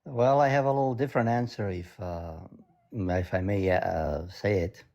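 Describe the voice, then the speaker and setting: A man calls in and explains his view in a rambling, hesitant way. His voice is low and mellow. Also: normal speed, dull audio. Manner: meandering, hesitant. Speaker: caller.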